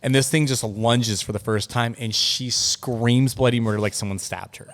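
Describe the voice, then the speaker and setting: A man in a casual interview chat, spinning off-road stories quickly and excitedly. He piles on fillers as he talks. His voice sits at an ordinary middle pitch. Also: background noise. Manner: rapid, animated storytelling with many fillers. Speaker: guest, car builder.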